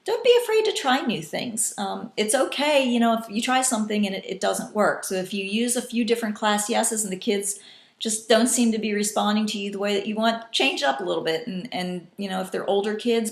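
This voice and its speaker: A woman's voice: mid-range voice, vocal fry. A woman teacher explaining a classroom technique to other teachers in a patient, instructional way, now and then acting out calls in different voices. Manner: patient, demonstrating call-and-response in varied voices. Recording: echoey room.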